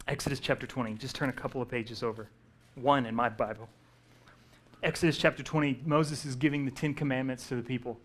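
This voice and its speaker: A male pastor preaching a sermon, telling the story with lively acted-out voices. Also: on the high side. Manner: animated storytelling, acting out quoted voices.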